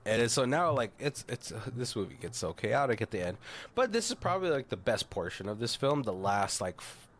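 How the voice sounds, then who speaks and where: A man's voice: medium pitch, sing-song, a little fast, a bit bright. A man casually retelling a film's plot on a podcast, loose and profane, heavy on "like" and "you know," acting out the characters' lines as he goes. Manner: loose, swearing, acts out quoted lines; many fillers like "like" and "you know". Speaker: podcast co-host. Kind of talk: casual movie recap chat.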